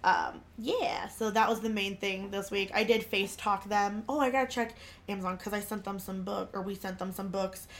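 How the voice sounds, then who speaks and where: A woman's voice: medium pitch, fairly even intonation, moderate pace. A woman hosting a podcast, telling a family story in casual chat full of filler words. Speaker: podcast host.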